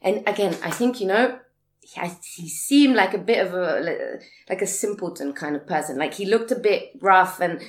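A woman telling a story casually, animated, swearing and laughing often. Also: fairly low pitch, moderate pace, echoey room. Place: living in a big city abroad.

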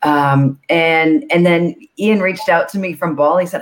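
Chatty animated nonprofit founder. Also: medium pitch, moderate pace. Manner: chatty, animated storytelling with many fillers. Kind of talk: live show chat.

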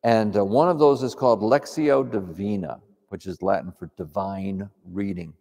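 Gravelly dark-voiced guy giving a calm chatty sermon, hall echo around him. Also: on the low side, moderate pace. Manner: calm, reflective, conversational. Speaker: preacher. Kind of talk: sermon teaching on prayer. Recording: long hall reverb.

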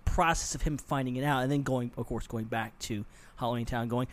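A man co-hosting a podcast, excitable, acting out bits as he chats. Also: medium pitch, brisk. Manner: excitable, acting out lines as he talks. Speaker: podcast co-host. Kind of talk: casual chat.

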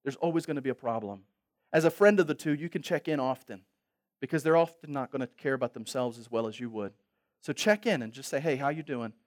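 A male pastor preaching a sermon with humor, moving between loud exhortation and quiet, reflective asides. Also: medium pitch, fast talker.

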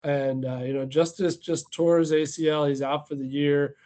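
A man, the guest on a casual podcast, telling a story with many filler pauses. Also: a little high, little pitch movement, dark tone. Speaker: nonprofit CEO, guest. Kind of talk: casual chat.

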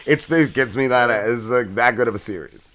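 A man's voice: mid-range voice, fairly quick. Profane, rambling podcast co-host man. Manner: profane, rambling, excitedly retelling a TV episode. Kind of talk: casual chat.

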